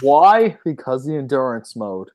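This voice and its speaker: A man's voice: mid-range voice, big pitch swings, measured pace, a little mellow, slight background noise. A man in casual gaming chat, easygoing and agreeable. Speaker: co-host.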